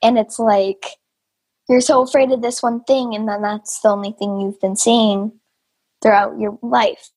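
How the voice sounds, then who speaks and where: Casting: female interviewer, husky tone, higher pitch, gentle and encouraging. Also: fairly even intonation, measured pace. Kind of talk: casual interview.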